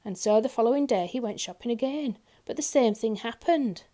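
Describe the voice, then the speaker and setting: A woman reading a children's picture book aloud, expressive and talking directly to young listeners. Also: on the high side, a little fast. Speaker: storyteller. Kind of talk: children's story read-aloud.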